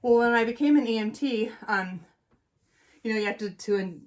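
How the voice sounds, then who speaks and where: A woman's voice: on the high side, moderate pace. Storytelling woman co-host. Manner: animated storyteller, acts out voices. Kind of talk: casual storytelling chat.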